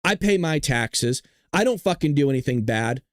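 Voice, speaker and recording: A man hosting a live stream, ranting loudly with heavy swearing and jokes while he reads the chat. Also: on the high side, animated, moderate pace, no room sound, clean studio sound. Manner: loud, ranting, profane, jokey. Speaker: livestream host.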